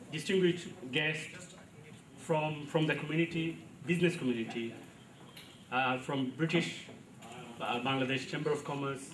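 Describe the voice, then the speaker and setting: A man acts as emcee at a formal launch, announcing speakers with halting pauses between phrases. His voice rings in an echoey hall. Steady background noise sits under it. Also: on the high side. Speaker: master of ceremonies.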